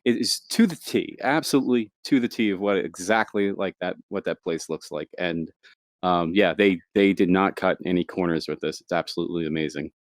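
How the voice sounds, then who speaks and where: A man's voice: low voice, brisk, dry recording, studio quality. A man hosting a live online event, talking casually and enthusiastically, often repeating words. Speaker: event host. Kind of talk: casual live-stream talk.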